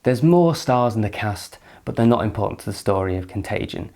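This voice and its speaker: A man's voice: fairly low pitch, animated, brisk, a little mellow. A man hosting a casual film review from his living room, with dry, sarcastic humour.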